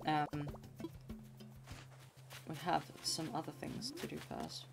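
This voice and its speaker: A woman's voice: low-pitched, very animated, takes it slowly, gravelly, loud music behind the voice. A woman streamer casually commenting on her gameplay, chatty and giggly, talking to herself.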